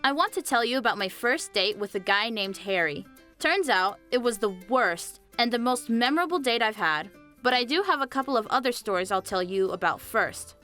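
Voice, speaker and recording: A young woman narrating a scripted animated story, chatty and speaking straight to viewers. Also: on the high side, moderate pace. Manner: chatty, addresses viewers directly. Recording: faint music behind the voice.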